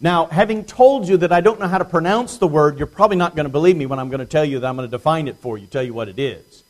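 A man preaching an evening Bible study to his congregation, plainspoken, with dry self-deprecating humor and slow emphasis on key words. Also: on the high side. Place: church congregation.

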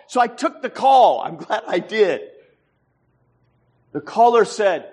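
A man's voice: sits high, normal speed. Middle-aged guy preaching, chuckles a lot, voice goes way up and down. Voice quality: lively storyteller, chuckles often. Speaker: pastor. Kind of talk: sermon.

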